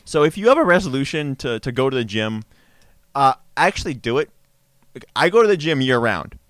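A man's voice: mid-range voice, sing-song, fairly quick, a bit bright, no echo. A man co-hosting a casual podcast chat with a dry, teasing manner and stammered repeats. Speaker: podcast co-host.

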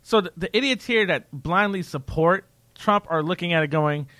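A man in casual political chat, animated and ranting, often mocking other people's voices. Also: sits high, moderate pace, dry recording.

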